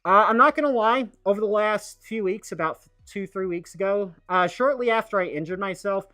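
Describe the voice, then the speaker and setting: A man streaming a casual monologue, rambling and halting, full of fillers and restarts. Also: sits high, sharp tone, no echo, faint music behind.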